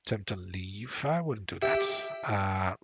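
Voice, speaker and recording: With loud music behind him, a man streams a game in a low-sitting voice with lively intonation and an unhurried delivery. He thinks aloud and reads the on-screen choices, peppering the casual commentary with fillers and laughter.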